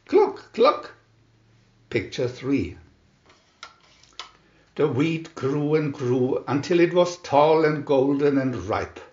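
A man reading a children's storybook aloud in a lively storytelling manner. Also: mid-range voice, takes it slowly, pauses often. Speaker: storybook reader. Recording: roomy, dull lo-fi home recording.

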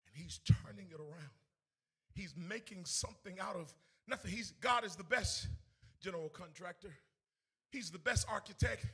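A man preaching an emotional sermon. He swings from shouting to hushed, near-tearful speech in a sing-song preacher's cadence. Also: high voice, breathy edge. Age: 30s. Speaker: evangelist preacher.

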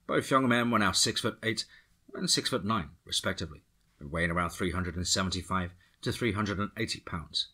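A man narrating a dark action story for a horror podcast with a steady, dramatic delivery. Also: low voice, fairly quick, husky.

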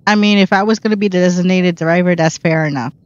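A woman's voice: fairly low pitch, quick pace, dull audio, a little hiss or hum. A woman giving casual, self-mocking commentary while she plays a video game, reacting aloud to what happens on screen. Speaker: gameplay streamer. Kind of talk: casual let's-play commentary.

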